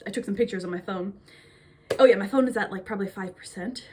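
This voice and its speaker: A woman's voice: mid-range voice, quick pace, darkish tone, slight background noise. A young woman from Minnesota chatting casually and bubbly to her phone camera, rambling with lots of fillers. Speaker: vlogger. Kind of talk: casual chat.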